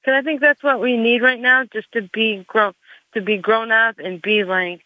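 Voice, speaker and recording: A woman's voice: a little high, fairly even intonation, moderate pace, no room sound. A Gen X woman in her forties or fifties doing a meandering stand-up monologue, full of restarts and fillers. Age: Gen X, 40s to 50s. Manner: meandering, self-interrupting, lots of likes. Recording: tinny phone-like dry recording.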